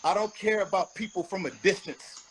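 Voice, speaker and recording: A man's voice: high voice, normal speed, background noise. A man giving an interview as a rapper, talking bluntly and emphatically, with frequent profanity. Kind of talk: candid interview talk.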